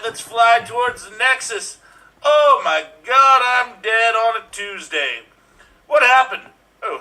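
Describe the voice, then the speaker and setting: Improv bit: man doing a bold, dramatic space captain, bright and high, a little off mic. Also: far from the mic, exaggerated voice, low-quality recording. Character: swaggering male starship captain parody. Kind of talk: improv sketch.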